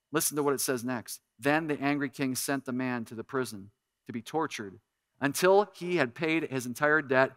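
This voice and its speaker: A middle-aged male pastor preaching a sermon, lively in bursts and dropping to soft, earnest appeals. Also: on the high side, no echo, studio quality.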